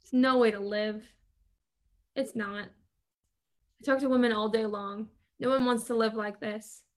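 A woman's voice: on the high side, steady tone, a little slow. A woman hosting a podcast, coaching listeners in an emphatic motivational monologue full of repetition and rhetorical questions. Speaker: podcast host and business coach.

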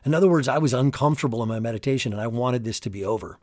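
A man hosting a solo motivational podcast, talking in an energetic, emphatic, casual coaching tone. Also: mid-range voice, racing, no echo, studio quality. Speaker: podcast host.

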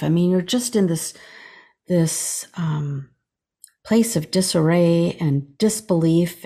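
A middle-aged woman, a chaplain guesting on a podcast, telling a personal story in a halting way with many pauses and restarts while acting out the dialogue. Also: low-pitched, gravelly, dark tone, breathy edge. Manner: halting retelling, many fillers and restarts, acts out quoted dialogue.

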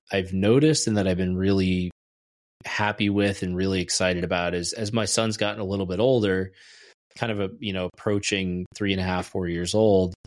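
A man's voice: sits low, no echo. A man in his thirties co-hosting a podcast, talking about his family in a reflective, rambling way with many restarts. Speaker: podcast co-host. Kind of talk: casual chat.

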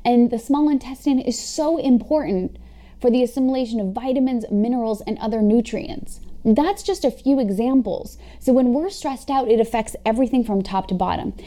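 A young adult woman, a health coach, explains a topic on her solo podcast, speaking directly to listeners in a casual, upbeat style with the occasional swear word. Her voice is on the high side, mellow, and moves at a moderate pace.

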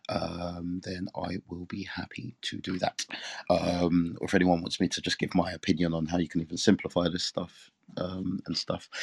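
Man, English accent, low voice, gravelly, chatty rambling room host. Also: no room sound. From England. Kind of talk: casual live audio-room chat and reading aloud.

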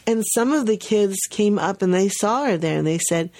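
A woman co-hosting a podcast about early childhood, telling a story in a casual, animated way and laughing often. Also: medium pitch, moderate pace, hardly any pauses.

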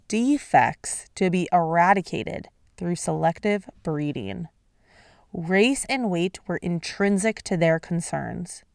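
A woman talks through her solo podcast with casual, expressive energy, quick to swear and to laugh at her own slips. Her voice carries a gravelly fry. The recording is dry and close, with no room sound. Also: fairly low pitch, dry recording. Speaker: podcast host.

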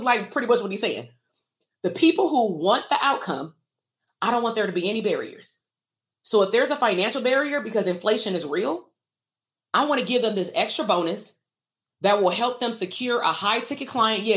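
A woman's voice: on the high side, fairly bright tone. Candid woman coach live-streaming. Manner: candid, emotional, asks viewers to comment. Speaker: therapist and business coach. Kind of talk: live-stream talk to viewers.

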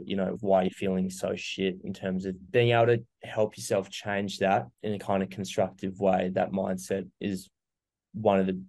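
A young man talks earnestly about what he learned, pausing on fillers as he goes. His low voice has a gravelly edge and stays fairly level in pitch, with little rise and fall. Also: darkish tone. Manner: earnest, reflective, many fillers. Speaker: guest sharing recovery story. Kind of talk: casual interview.

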